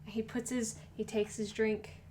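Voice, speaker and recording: A woman co-hosting a live-stream podcast, chatting casually in a playful, excitable way. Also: a little high, normal speed, a little hiss or hum. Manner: playful, excitable, jokes a lot. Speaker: podcast co-host.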